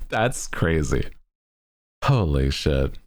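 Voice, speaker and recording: Deep-voiced laid-back male streamer. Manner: laid-back, rambling with many fillers; bursts into loud laughter. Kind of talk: casual chat.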